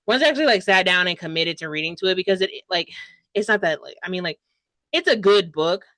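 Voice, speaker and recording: A woman's voice: lowish voice, lively intonation, fast talker, bright, forceful tone, no room sound. A young woman giving a casual, dramatic book review, full of fillers and rambling asides. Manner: gushing, dramatic, heavy filler "like".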